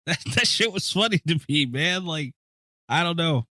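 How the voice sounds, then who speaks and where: A man co-hosting a horror movie podcast in casual chat, animated and swearing freely. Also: a little high, moderate pace, dry recording, studio quality. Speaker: podcast co-host.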